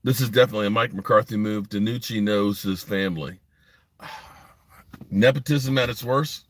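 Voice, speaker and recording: A man's voice: fairly low pitch, moderate pace. A man hosting a sports podcast live stream from a parked driveway, talking bluntly and rambling while reading comments from his chat.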